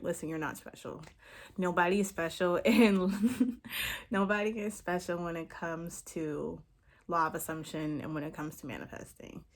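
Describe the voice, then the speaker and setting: A woman's voice: on the low side, fairly even intonation, moderate pace. A woman talking to camera as a manifestation coach, frank and emphatic, swearing freely and checking in with the listener again and again. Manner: emphatic, keeps checking in with "okay?". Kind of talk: impromptu casual vlog talk.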